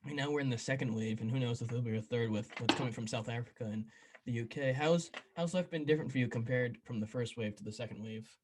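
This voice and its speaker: A young man hosts a laid-back podcast chat, mid-pitched, rambling from one thought to the next. He jokes around and swears freely. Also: quick pace, heavy background noise. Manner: rambling, swears casually, jokey. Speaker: podcast host.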